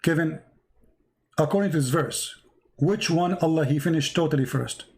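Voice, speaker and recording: Man, high-pitched, hoarse, insistent live stream debater, repeats questions. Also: normal speed, a little mellow, poor audio. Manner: insistent, repeats his questions, reads verses aloud. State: losing his voice.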